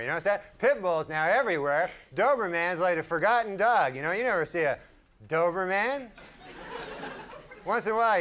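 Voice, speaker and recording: A man doing a stand-up comedy set in a deadpan, rambling way with long asides. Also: a little high. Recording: live club recording with crowd laughter and noise. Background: audience laughing.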